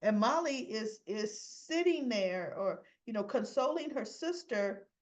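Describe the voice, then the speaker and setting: A woman's voice: a little high, animated, measured pace. A woman giving a chatty, sassy recap of a soap episode, acting out the characters' lines as she goes. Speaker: soap opera reviewer.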